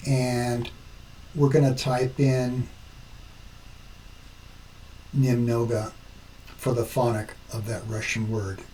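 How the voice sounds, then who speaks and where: Guy walking thru a tutorial real slow, mic kinda far, faint hiss. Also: mid-range voice, a little mellow. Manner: slow, step-by-step explaining. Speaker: language tutorial host. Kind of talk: screen-recorded tutorial narration.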